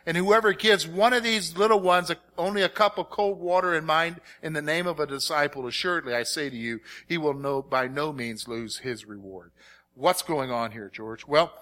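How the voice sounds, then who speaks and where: A middle-aged man preaching a sermon, reading scripture and questioning his congregation in an animated, conversational way. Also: a little high, normal speed. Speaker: pastor.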